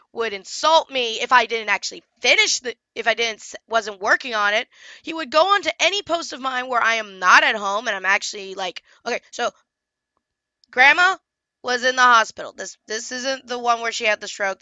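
Bright-voiced young woman ranting. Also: fairly high pitch, normal speed, clear, resonant tone, dry recording. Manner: exasperated, swearing, venting. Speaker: comic book colorist and vlogger. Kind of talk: casual vlog rant.

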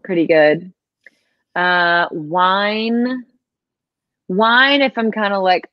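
A young woman from Georgia with a lowish voice, talking as a guest in a relaxed podcast chat. She laughs a lot and scatters filler words through her answers. The sound is dry and a little dull, as if on a modest mic. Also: slow, vocal fry, dry recording. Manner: chatty, laughs often, lots of "like" fillers. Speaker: guest musician. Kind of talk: casual podcast interview.

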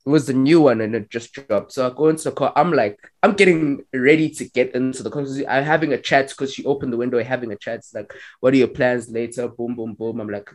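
A man's voice: mid-range voice, fast talker, few pauses. A young man telling a story on a podcast, acting out the lines he quotes. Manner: animated, acts out quoted lines. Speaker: podcast co-host. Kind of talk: casual storytelling among friends.

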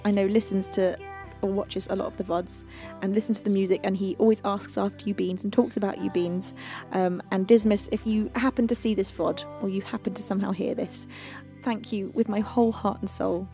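A woman's voice: medium pitch, steady tone, a little fast, warm tone. A British woman hosting a live music stream, chatting affectionately and giggly with her viewers from her home studio. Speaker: livestream music host. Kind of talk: casual chat with viewers.

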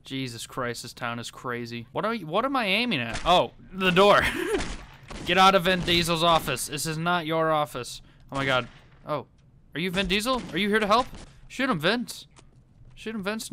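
A man giving gameplay commentary, panicking and pleading in fast repeated bursts. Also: on the high side, sharp tone, slight background noise. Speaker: gaming YouTuber.

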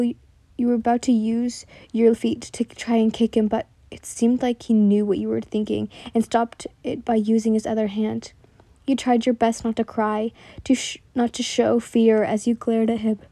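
Soft-spoken woman reading fan fiction. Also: a little high, completely flat delivery, normal speed, dry recording. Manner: soft, often dropping to a whisper, with stumbles and restarts. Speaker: story narrator.

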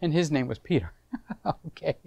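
A middle-aged man hosting a camera vlog, telling a story to the camera in a casual, animated way. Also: fairly high pitch, moderate pace, gravelly, no echo, muffled recording. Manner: animated, acts out conversations, chuckles often. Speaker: camera reviewer, vlog host.

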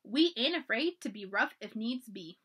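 A woman reading aloud and voicing a rough, bullying slave-catcher man with blunt, uneducated speech. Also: on the high side, animated, normal speed, fairly bright tone. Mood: blustering.

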